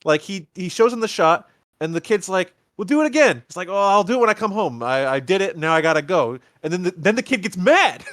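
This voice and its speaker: A man's voice: high voice, animated, a little fast, a bit bright, no echo, studio quality. A man hosting a podcast, casually retelling a movie and acting out the characters' lines with lots of stammered restarts. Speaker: podcast host. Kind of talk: casual movie rewatch chat.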